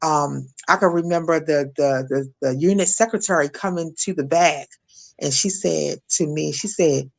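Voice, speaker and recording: A middle-aged woman from Maryland giving an emotional personal testimony as an interview guest, halting, repeating words and acting out what others said. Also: low-pitched, gravelly. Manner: halting, repeats words, acts out quoted voices. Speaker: guest, shooting survivor.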